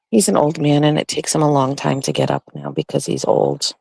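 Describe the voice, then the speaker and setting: A woman hosts a casual vlog from home with her dogs, telling a story in a chatty monologue full of swearing and laughter. Her voice is low and darkish with vocal fry and big pitch swings, and she talks briskly with few pauses. The audio is poor but has no echo.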